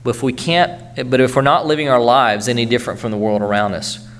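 A man's voice: mid-range voice, fairly quick, fairly bright tone. A man preaching a sermon earnestly, urging his congregation and checking in with frequent "okay?" tags.

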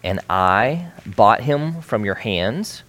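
A man's voice: lowish voice, sing-song, takes it slowly, fairly bright tone, heavily acted. A man voicing Joseph, a grown man pressing his brothers with insistent questions. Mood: demanding.

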